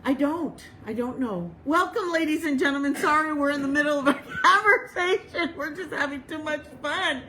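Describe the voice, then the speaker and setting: Woman chaplain, casual storytelling preacher, laughs a lot, higher voice, faint background hiss. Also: poor audio. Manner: bubbly, laughs often, animated impressions; slow, measured recitation of prayers and scripture. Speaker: chaplain and reverend leading a service.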